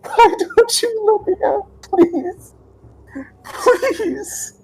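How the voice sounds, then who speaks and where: A man voicing a trapped figure calling from beneath a church, pleading desperately to be let out in a high strained voice. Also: extremely slow, a little mellow, heavily acted, poor audio. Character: voice crying from below the church, pleading.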